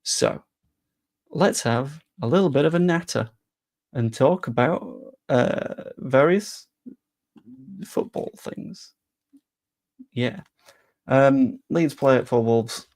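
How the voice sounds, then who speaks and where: Chatty young Englishman with gravelly fry. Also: medium pitch, slow, pauses often, a little mellow. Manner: rambling, chatty, self-deprecating asides. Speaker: football channel streamer. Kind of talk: casual live-stream chat.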